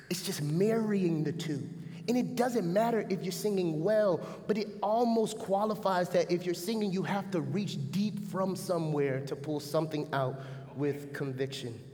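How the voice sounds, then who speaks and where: A man preaching a lively sermon as pastor, often turning to the congregation with a quick "right?". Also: a little high, in a large hall. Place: church sanctuary. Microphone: stage mic.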